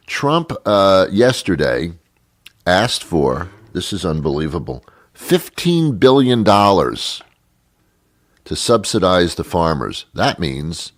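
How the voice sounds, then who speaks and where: Deep-voiced sarcastic male podcast host. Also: no room sound, clean studio sound. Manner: sarcastic, profane, laughing asides. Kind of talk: casual comedic monologue.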